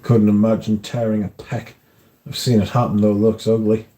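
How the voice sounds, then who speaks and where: Male streamer, mellow, rambling, sweary casual chat. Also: lowish voice, little pitch movement, normal speed. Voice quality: swears freely, rambling anecdotes. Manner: chatty, repeats filler words. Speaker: livestream host.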